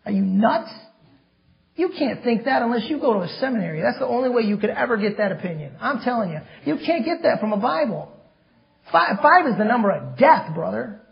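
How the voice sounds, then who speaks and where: A man's voice: sits high, creaky. Male preacher, fiery sermon, dull lo-fi recording. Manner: reads scripture slowly, then rants and grows loud. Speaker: pastor. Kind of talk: fiery sermon with scripture reading.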